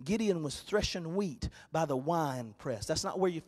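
A male pastor preaching a sermon, swinging from loud, shouted exhortation to quiet, hushed storytelling. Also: fairly high pitch, lively intonation, normal speed, long reverb tail.

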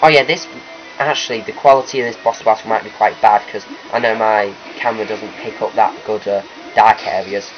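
A man's voice: lowish voice, steady tone, a little fast. Guy rambling through a let's play, corrects himself a lot, muffled mic, faint game music. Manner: rambling, chatty, self-correcting. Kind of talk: gameplay commentary.

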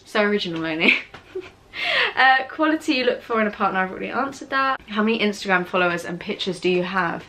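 Young British woman, late teens, casual vlogger answering questions; chatty, self-mocking, mid-pitched voice. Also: animated, fast, sharp tone, a little hiss or hum. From England. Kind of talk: casual Q&A chat. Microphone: camera on tripod with ring light.

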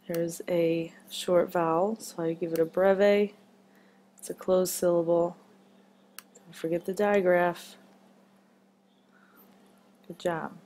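A woman's voice: lowish voice, mellow. A woman teaching a children's phonics lesson, patient and encouraging as she marks words step by step.

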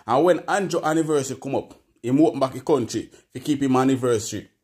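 A Jamaican man with a Jamaican Patois accent, hosting a casual political commentary channel and ranting in an animated, indignant way. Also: medium pitch, quick pace, husky.

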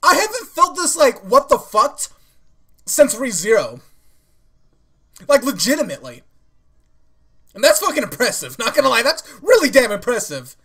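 Woman reacting to a show, swears a lot, voice jumps all over, kinda high. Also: sing-song, normal speed, long pauses, husky. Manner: loud, swearing, repeats "no" and "nah" in bursts; shouts and yells when upset. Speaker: anime reaction channel host. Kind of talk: live reaction commentary.

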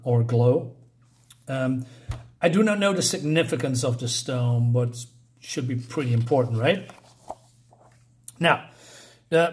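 A man casually recapping and reviewing a comic book, rambling with frequent fillers and self-corrections. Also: a little high.

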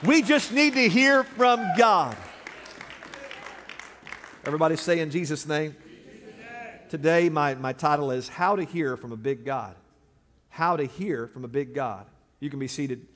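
A man preaching a sermon as pastor, dramatic, swinging from loud declarations to hushed, low lines. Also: normal speed, some chatter behind, a little hiss or hum. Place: large church sanctuary. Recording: long reverb of a large sanctuary.

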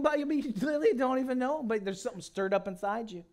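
High-voiced man preaching dramatically. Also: very animated, fast talker, hardly any pauses. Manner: dramatic storytelling, swinging from loud to hushed. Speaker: guest pastor. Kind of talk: sermon.

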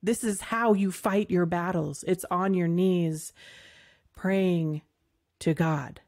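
A woman hosting a faith show, speaking heartfelt and emotional, halting and near tears at times. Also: lowish voice, steady tone, darkish tone. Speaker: podcast host. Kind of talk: heartfelt faith talk to listeners.

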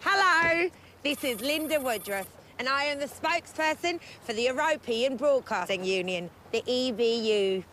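A woman's voice: sits high, lively intonation, moderate pace, noisy background. A woman playing a clueless, chirpy, self-important Eurovision spokesperson in a comic mock travel report. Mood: bumbling. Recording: music playing underneath.

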